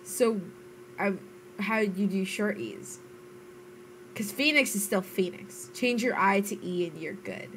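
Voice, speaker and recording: A woman live-streams a game and chats with friends in a giggly, self-teasing way. She talks at an unhurried pace, over a faint background hiss. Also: medium pitch. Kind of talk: casual chat while live-streaming a game.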